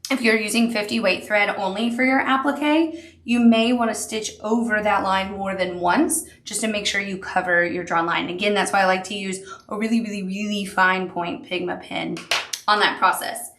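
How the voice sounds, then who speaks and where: A woman's voice: mid-range voice, fairly even intonation, normal speed, a bit bright. A woman giving a chatty, upbeat sewing tutorial while she works. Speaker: sewing instructor. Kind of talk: crafting tutorial. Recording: echoey room.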